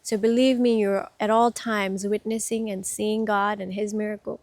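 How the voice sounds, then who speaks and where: A woman giving a casual spiritual talk outdoors, soft-spoken and reflective, pausing often and getting emotional. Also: mid-range voice, little pitch movement, no echo. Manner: gets emotional. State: itchy from hay fever. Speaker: spiritual speaker.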